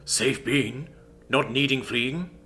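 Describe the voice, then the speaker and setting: A man voicing a small, anxious, curious furry alien pet creature that speaks in halting, broken phrases through a translator. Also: medium pitch, sharp tone, slight background noise. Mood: suspicious.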